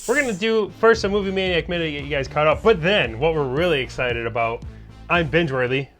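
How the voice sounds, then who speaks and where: A man co-hosting a casual podcast, excitable and quick to laugh, chatting about shows and music. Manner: excitable, laughs often, jumps between high and low pitch. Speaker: podcast co-host. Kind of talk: casual chat.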